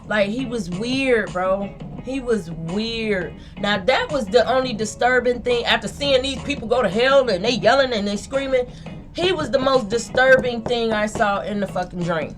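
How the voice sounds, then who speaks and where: A woman's voice: fairly high pitch, normal speed, over music. A woman who reads tarot, telling a dream in a loose, slangy, rambling monologue. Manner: slangy, rambling, repeats herself. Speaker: tarot reader. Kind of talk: casual monologue recounting a dream.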